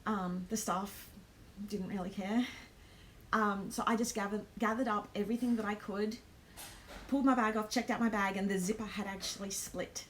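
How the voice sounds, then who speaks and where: A woman's voice: medium pitch, fairly even intonation, normal speed, a little hiss or hum. An Australian woman hosting a live stream, telling a travel story in a chatty way, with lots of ums and nervous laughs.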